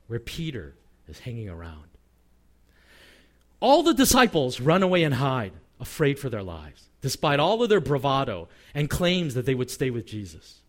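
A man preaching a sermon as pastor, acting out quoted lines and letting his voice drop low at the ends of phrases. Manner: animated, acts out quoted voices; drops pitch and volume at phrase ends.

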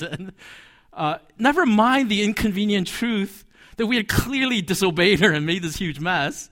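Lively, conversational male preacher. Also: sits high, moderate pace. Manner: conversational, storytelling with asides and chuckles. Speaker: pastor. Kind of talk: sermon.

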